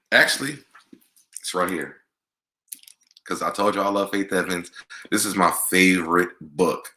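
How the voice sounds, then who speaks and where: A man with a very deep voice and a strikingly bright, sharp edge to his tone. He hosts a casual Q&A vlog and answers viewer questions in a candid, chatty way. His delivery stays loose and conversational throughout.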